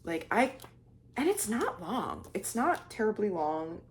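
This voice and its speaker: A woman's voice: mid-range voice, big pitch swings, measured pace, background noise. A young woman talking casually in a book vlog, rambling off on tangents, joking at her own expense and sometimes dropping into a whisper for emphasis. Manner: chatty, rambling, self-deprecating, drops into whispers for emphasis. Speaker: book vlogger.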